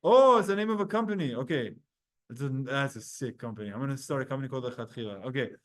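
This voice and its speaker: A man teaching a Talmud class online, energetic and quick, putting questions to his students. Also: mid-range voice.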